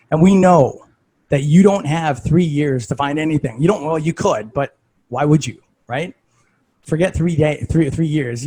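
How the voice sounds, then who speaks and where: A man's voice: on the high side, a little mellow, husky, rough recording. A man talking casually as a fitness coach, conversational and full of "like" and "right?".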